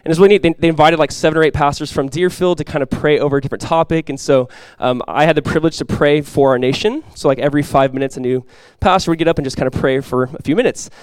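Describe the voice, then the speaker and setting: A man's voice: on the high side, fairly even intonation, quick pace, hardly any pauses, clear, resonant tone, dry recording. Earnest, conversational male pastor preaching. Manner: conversational storytelling with light humor; soft, earnest praying. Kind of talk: sermon.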